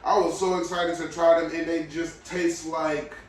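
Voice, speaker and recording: A man hosting a podcast, talking casually in a blunt, opinionated way that swings between low mutters and loud outbursts. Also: flat delivery, moderate pace. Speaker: podcast host. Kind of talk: casual solo podcast rant. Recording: very echoey room, mic at a distance.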